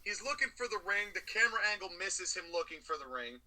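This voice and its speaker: A man co-hosting a wrestling review podcast, telling the story of a match in an opinionated, animated way. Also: high-pitched, quick pace, rough recording. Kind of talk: casual review chat.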